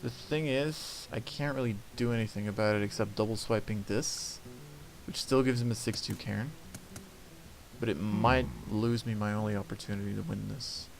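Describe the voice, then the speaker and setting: A man's voice: lowish voice, steady tone, normal speed, creaky. A man giving casual commentary while playing a card game, thinking aloud about his moves and grumbling and swearing when things go wrong. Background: game music.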